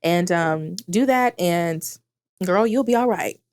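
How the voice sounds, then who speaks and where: A woman's voice: lowish voice, takes it slowly, darkish tone. A young adult woman co-hosting a podcast in casual chat, reading listener comments aloud and laughing often. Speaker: podcast co-host.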